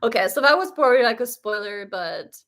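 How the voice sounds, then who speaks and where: A woman hosting a casual live stream, talking in an excitable, gushing way with lots of fillers. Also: on the high side, a little fast. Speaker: live stream host reacting to a series. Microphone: webcam setup.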